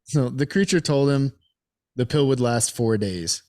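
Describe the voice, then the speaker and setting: A man's voice: medium pitch, a little slow, warm tone. Man reading out a case, chuckling. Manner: narrates the case notes with frequent chuckles. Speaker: podcast co-host reading out the case. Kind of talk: casual chat with friends.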